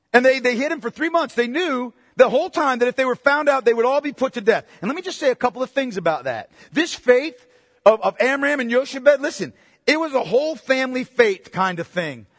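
A man's voice: very high-pitched, a bit bright, no echo, studio quality, big-room sound. A man preaching a sermon, emphatic, repeating phrases for stress and asking the congregation questions. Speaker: pastor.

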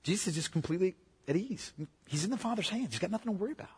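A man with a very high, husky voice preaches a sermon, talking to the congregation like a friend. He drops to hushed, slow phrases, then presses with emphatic ones. His voice rings with the long reverb of a large hall. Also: expressive. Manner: conversational, swings from hushed to emphatic.

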